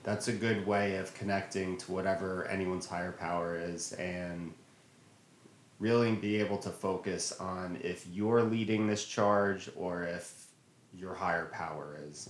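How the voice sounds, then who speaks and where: A man's voice: low-pitched, steady tone, moderate pace, roomy sound, a little hiss or hum. A man hosting a podcast, chatting and telling stories in an easygoing way. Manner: easygoing storyteller. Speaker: podcast host. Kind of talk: casual conversation.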